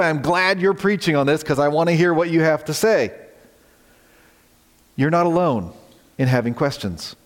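Fairly high-voiced pastor, echoing hall. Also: male voice. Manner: dramatic swings from quiet to shouted warnings. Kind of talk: sermon. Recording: long reverb of a large hall.

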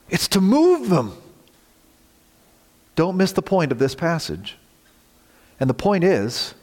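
A man preaching a sermon as pastor, swinging from quiet, low lines to shouted warnings. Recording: long reverb of a large hall.

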